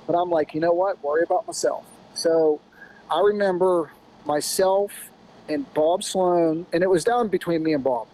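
An American man in his fifties, a podcast guest telling a racing story in a rambling, animated way with lots of "you know"s. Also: on the high side, a little hiss or hum, low-quality recording. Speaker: podcast guest, former off-road racer. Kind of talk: casual storytelling.

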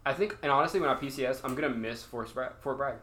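A young man co-hosting a casual podcast chat, quick with jokes and questions. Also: medium pitch, fairly bright tone. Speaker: podcast co-host.

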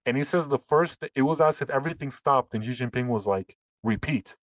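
Animated male podcast co-host. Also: medium pitch, fast talker, dry recording. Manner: animated storyteller, acts out quotes. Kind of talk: casual political chat.

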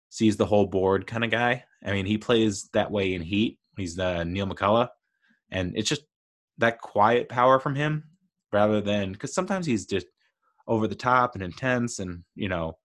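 A man's voice: low-pitched, normal speed. A man giving a casual, rambling movie review, chatty with frequent laughs and fillers. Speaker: film reviewer.

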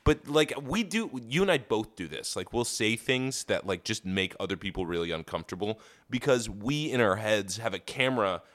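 Man, 30s, lowish voice, crude joking podcast banter, laughs a lot. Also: expressive, normal speed, few pauses, fairly bright tone. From Kansas City area. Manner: vulgar, joking, laughs often. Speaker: podcast co-host.

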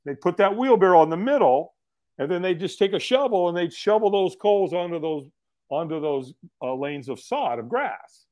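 Male podcast guest, high and very expressive; casual, animated storyteller who acts out the other people in his story. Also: normal speed. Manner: animated storyteller who acts out quoted voices, laughs often, swears casually.

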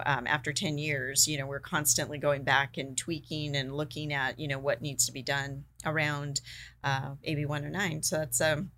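A woman with a very low voice hosts a podcast interview, talking in a conversational, affirming way. A faint noise sits under her voice. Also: pushed and bright. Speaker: podcast host, association executive director.

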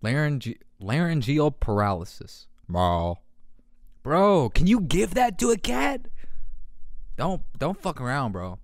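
A young man hosting a casual podcast, excitable and laughing often, swearing and doing deep meows as he reacts to memes. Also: a little slow, no echo, studio quality. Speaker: podcast host. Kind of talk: casual meme commentary. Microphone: handheld podcast mic.

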